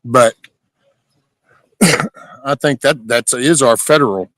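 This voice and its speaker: A man's voice: medium pitch, slow pace, a bit bright, dry recording. Laid-back man with a dry close sound. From Southeast Texas. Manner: laid-back, folksy and profane, joking with chat. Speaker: livestream host. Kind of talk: casual chat reading viewer comments.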